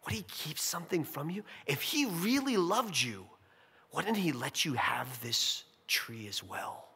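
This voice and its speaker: A man's voice: on the high side, sing-song, measured pace, vocal fry, bright, forceful tone, slightly rough, full character voice. A man voicing a sly male serpent devil who talks in a coaxing, insinuating way.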